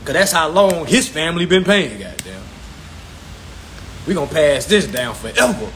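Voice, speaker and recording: A man's voice: on the high side, lively intonation, normal speed, fairly bright tone. A man teaching viewers about credit in an informal, preachy lecture, swearing a lot for emphasis and repeating his points. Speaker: self-styled credit instructor.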